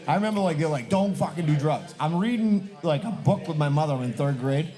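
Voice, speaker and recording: A man, telling joking, swear-filled stories as a podcast co-host live from a bar. His voice sits a little higher than most men's, with faint music playing behind him. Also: animated, brisk, warm tone. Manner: profane, joking, loose storyteller. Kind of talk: casual storytelling among friends.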